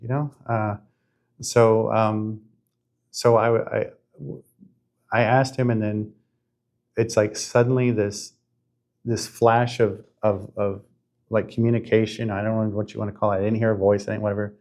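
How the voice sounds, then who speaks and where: Man, fifties, podcast host, low voice, earnest, stop-start casual storytelling. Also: level tone, darkish tone. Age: 50s. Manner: earnest, halting, many restarts.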